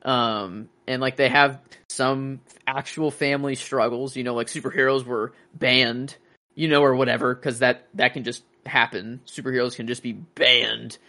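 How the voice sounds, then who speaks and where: A young man talking movies on a casual podcast, in a middle-pitched voice. He rambles and restarts, full of fillers, and his excitement runs ahead of his words. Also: moderate pace. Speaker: podcast co-host.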